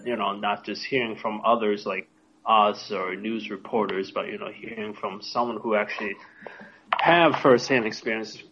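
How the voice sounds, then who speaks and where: A man's voice: fairly low pitch, fairly bright tone, slight background noise. A man co-hosting a casual discussion, hesitant and full of "you know". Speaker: podcast co-host. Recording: dull lo-fi recording.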